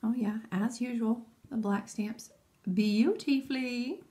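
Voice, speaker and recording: A woman's voice: fairly high pitch, slow pace, warm tone. A woman chatting casually and enthusiastically, thinking aloud as she demonstrates nail stamping. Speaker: nail art vlogger. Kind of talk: casual tutorial chat.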